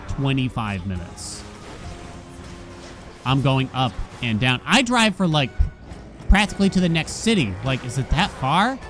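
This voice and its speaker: A man streaming a game, chatting casually and telling an animated story with sudden exclamations. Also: mid-range voice. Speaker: gaming streamer. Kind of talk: casual gameplay commentary with storytelling.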